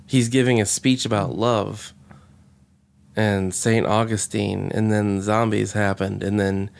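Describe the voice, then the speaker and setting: A man casually recapping a movie with sarcasm and profanity, mocking its lines in quick impressions. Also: fairly low pitch, flat delivery, vocal fry, clear, resonant tone. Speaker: podcast co-host. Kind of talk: casual movie review chat.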